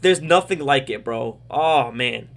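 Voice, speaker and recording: A man hosting a reaction video, talking loose and slangy with excitable outbursts. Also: mid-range voice, measured pace, vocal fry. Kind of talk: casual reaction commentary.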